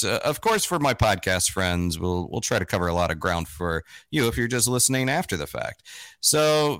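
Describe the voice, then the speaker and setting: Bright, crisp-voiced male host. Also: lowish voice, no room sound. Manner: chatty, self-deprecating, with fillers and restarts. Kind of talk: live-streamed interview.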